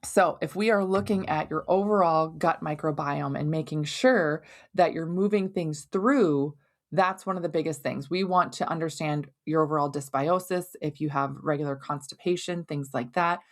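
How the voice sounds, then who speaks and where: Lower-pitched woman explaining with homely analogies. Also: normal speed. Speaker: podcast host and hormone health doctor. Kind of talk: educational podcast monologue.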